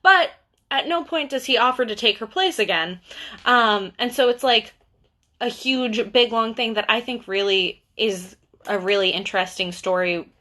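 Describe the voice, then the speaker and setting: A woman's voice: fairly high pitch, normal speed, pushed and bright. A young woman, a bookseller, chatting casually about books on a livestream, full of fillers and asides. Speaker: bookseller hosting a book talk.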